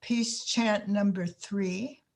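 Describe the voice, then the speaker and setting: A woman's voice: medium pitch, fairly even intonation, drawn-out words, gravelly, a little mellow. A woman attending an online class, politely asking the teacher about pronunciation. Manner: polite careful questioning. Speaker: class participant asking a question.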